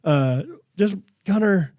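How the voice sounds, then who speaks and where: On a studio microphone, a young podcast co-host tells a hunting story in a casual, animated chat loaded with fillers. His voice is high-pitched and slow-paced, with a noisy background behind it.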